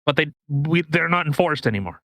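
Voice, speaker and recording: A man from Canada holds forth on a casual podcast, his voice bright and slightly high for a man. He talks in a restless, profane ramble full of restarts. The sound is dry and close. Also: animated, a little fast, no echo. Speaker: podcast co-host. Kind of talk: casual political rant.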